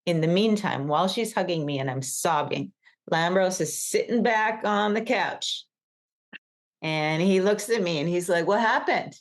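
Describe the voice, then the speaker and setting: A middle-aged woman on a podcast, telling a personal story in a casual, animated way with many fillers. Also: lowish voice, a little slow. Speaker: podcast co-host.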